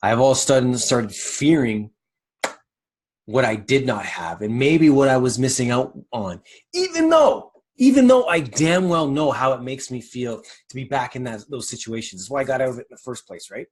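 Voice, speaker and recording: A man's voice: mid-range voice, lively intonation, normal speed, husky. A middle-aged man hosting a motivational podcast, talking in a candid, rambling way with swearing and self-corrections. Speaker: podcast host. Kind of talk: motivational monologue.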